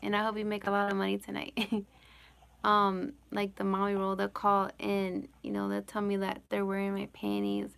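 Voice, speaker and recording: Though her medium-pitched voice is completely flat in delivery, creaky yet smooth and fairly bright, she giggles often while talking at a normal speed. She's a live-stream host doing a casual Q&A from home, rambling through chat questions with lots of "like" and "you know."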